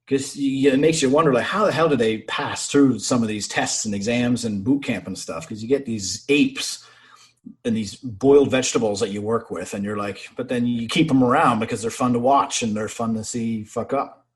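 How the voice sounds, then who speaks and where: Male podcast guest, lively salty navy storyteller, mid pitch. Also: moderate pace. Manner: profane, animated anecdotes with quoted voices. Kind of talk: casual storytelling.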